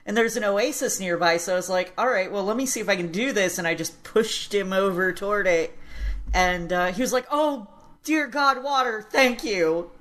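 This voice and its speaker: A woman with a middle-pitched voice in a relaxed podcast conversation. She giggles a lot and swears freely. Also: fairly quick. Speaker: podcast co-host. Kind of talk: casual chat.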